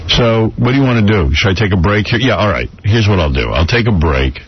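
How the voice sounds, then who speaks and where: A man hosting talk radio, chatting loosely and telling stories, acting out the people in them. His voice sits low but moves up and down a lot. It comes through a slightly muffled broadcast. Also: animated, fairly quick, slight background noise. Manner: storytelling, quoting others in put-on voices. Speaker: radio show host. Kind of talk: casual talk radio banter.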